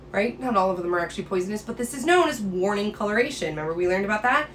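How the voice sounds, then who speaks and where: A woman's voice: medium pitch, expressive, fast talker, hardly any pauses, slight background noise. A woman biology teacher giving a casual, enthusiastic and playful lecture.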